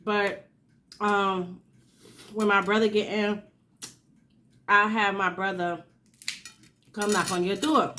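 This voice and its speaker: Woman doing a neighbor lady, apologetic, polite, unhurried. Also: mid-range voice, little pitch movement, bright, forceful tone, a little hiss or hum.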